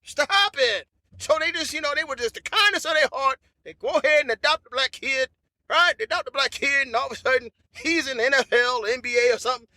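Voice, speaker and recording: A man delivers a rambling comedic monologue on his podcast, animated and repetitive, laughing as he goes. His voice sits very high and sounds sharp and bright. The recording is dry and close, with no room sound. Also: brisk, dry recording. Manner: animated, repeats phrases, bursts of laughter.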